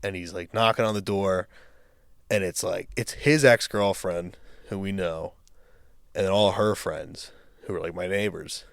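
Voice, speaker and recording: A young man co-hosting a podcast, telling a long story in casual chat, swearing freely and getting loud as he relives the anger. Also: low voice, measured pace, creaky, clear, resonant tone, dry recording, clean studio sound. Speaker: podcast co-host.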